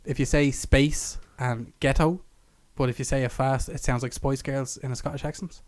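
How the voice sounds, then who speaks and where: A man with a middle-pitched voice co-hosts a casual podcast. He rambles with plenty of fillers and drifts loosely from point to point. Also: level tone, fast talker, a little mellow. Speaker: podcast co-host. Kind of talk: casual chat.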